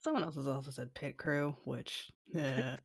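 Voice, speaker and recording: A woman's voice: a bass voice, steady tone, normal speed, slight background noise. A woman who plays in a tabletop game, bantering and joking casually after the session. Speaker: player. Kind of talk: casual post-game chat.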